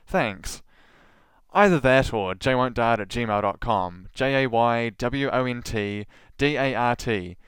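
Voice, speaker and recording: A man's voice: mid-range voice, fairly bright tone, clean tone, no room sound. A man hosting a podcast, reading a scripted solo monologue full of sarcastic, mocking asides. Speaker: podcast host.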